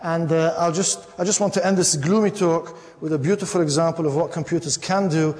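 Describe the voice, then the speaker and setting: Male lecturer, wry storyteller; high pitch, long lecture-hall reverb. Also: steady tone, brisk, a little mellow. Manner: wry, storytelling, repeats himself when stressing points. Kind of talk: public lecture.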